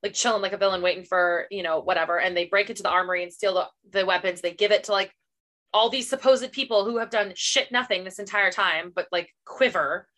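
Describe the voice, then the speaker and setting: Bright-voiced woman podcast co-host; blunt, sarcastic, swears freely. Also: medium pitch, brisk. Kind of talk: casual book club chat.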